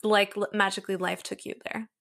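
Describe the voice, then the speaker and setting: Brief: woman host, quick to laugh, conversational, mid-pitched. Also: little pitch movement, gravelly, fairly bright tone. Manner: light, laughs easily, asks loose questions. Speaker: interviewer. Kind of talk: casual interview conversation.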